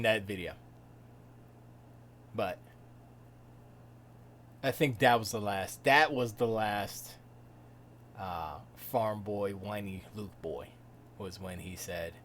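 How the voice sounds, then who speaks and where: A man's voice: mid-range voice, a bit bright, a little hiss or hum. A man hosting a live stream, chatting casually and jokingly, slipping into silly impressions of film characters. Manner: joking, slips into voiced impressions.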